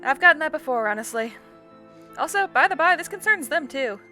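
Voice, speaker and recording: A woman reading as a folksy troll girl from the countryside, all put-on Southern drawl and homespun charm. The voice sits high and bright, lifted well above the reader's own. She talks in a breezy, down-home way, for a visual novel read aloud. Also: animated, a little fast, soft background music. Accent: put-on American Southern.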